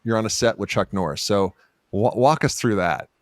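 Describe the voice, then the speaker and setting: A man's voice: lowish voice, normal speed, no echo, clean studio sound. A man in his fifties hosting a podcast interview, asking long, enthusiastic, rambling questions. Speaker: podcast host. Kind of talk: casual interview.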